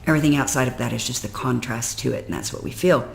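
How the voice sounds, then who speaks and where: A woman telling a candid personal story to the camera, venting and emotional, dropping low and weary, then rising loud and exasperated. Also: fast, creaky, a little hiss or hum. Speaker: personal development vlogger.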